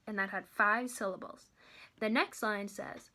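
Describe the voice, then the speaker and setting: A young woman, a college student, giving a friendly lesson to children from home, sounding out words slowly and carefully. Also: mid-range voice, animated, sharp tone. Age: young adult. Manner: slow, careful sounding out of syllables. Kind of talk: kids' lesson video.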